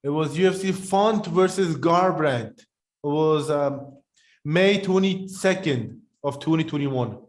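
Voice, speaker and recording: Male podcast co-host, high-pitched, rambling casual chat. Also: slow pace. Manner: rambling, animated, talks while eating.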